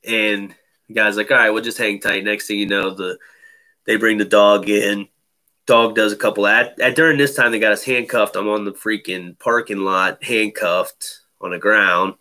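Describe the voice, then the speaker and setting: Brightish man telling a story casually. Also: fairly low pitch, steady tone, moderate pace. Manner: loose, profane, many fillers like "you know".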